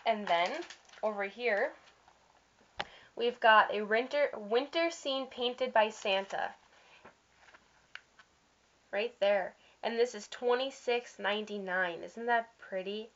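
Slow and given to long pauses, this vlogger has a mid-range, fairly bright voice. She casually shows off holiday catalog items, gushing and chatty with fillers and minor slips, in a dull lo-fi recording.

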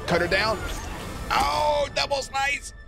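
A man's voice: very high voice, slow pace, vocal fry, over music, a crowd in the background. A man hosting a reaction video, talking casually and profanely and cheering on the action. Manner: excitable, profane, cheers the screen on.

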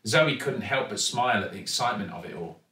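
A man with an English accent reading a children's storybook aloud with steady, expressive storytelling. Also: fairly low pitch, fast talker, recorded from a distance. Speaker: actor reading a children's book. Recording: echoey room, voice from off-mic.

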